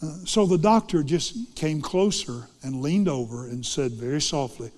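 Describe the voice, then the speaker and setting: A man preaching a sermon, swinging dramatically between loud fervent lines and hushed ones. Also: on the high side, moderate pace, in a large hall.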